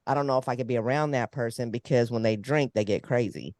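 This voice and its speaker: A man's voice: medium pitch, fast, a little mellow, dry recording. A man co-hosts a laid-back conversation, making his point in an easy conversational way. His voice sits mid-range with a dry, close sound. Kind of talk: casual chat.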